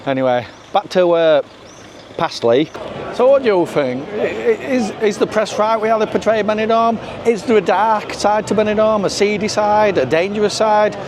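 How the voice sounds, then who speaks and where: A man's voice: sits high, moderate pace. Chatty Yorkshire man on a noisy street. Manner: chatty, rambling, broad dialect. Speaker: travel vlogger. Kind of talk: casual walking vlog. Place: busy street outdoors at night. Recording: street noise with passing traffic.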